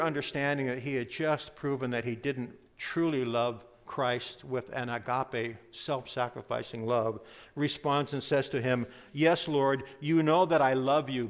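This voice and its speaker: A male pastor preaching a sermon in an earnest manner, explaining scripture step by step. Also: mid-range voice. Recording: long hall reverb.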